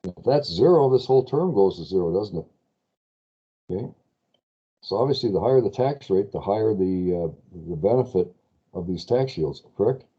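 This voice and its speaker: A man lecturing a class on lease finance in a spreadsheet, chatty and quick to correct his own slips while asking students questions. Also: fairly low pitch, expressive, breathy edge, dull audio.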